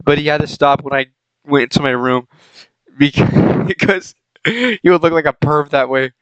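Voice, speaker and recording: A man's voice: a little high, normal speed, smooth, no echo, highs cut off. A young man doing a comedic reading of a fanfic aloud, often laughing and breaking off to comment on the text. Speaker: reader of a fanfic.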